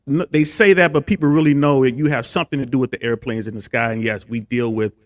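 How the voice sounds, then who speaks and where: A man's voice: mid-range voice, quick pace, no echo. A man in his fifties from Ohio talks as a guest on a stream. His voice sits in a middle register, recorded close and dry with no room sound. He tells his story loosely, with fillers and restarts. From Cincinnati, Ohio, USA. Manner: relaxed, rambling, with fillers and restarts. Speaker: guest, stand-up comedian and content creator. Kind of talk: casual interview storytelling.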